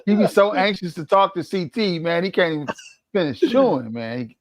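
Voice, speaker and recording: A man with a slightly raised pitch co-hosts a casual livestream, rambling in a loose, slangy way. His voice sits close and dry on the mic, with no room sound. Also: sing-song, no echo, rough recording. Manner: loose, slangy, drawn-out asides. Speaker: co-host.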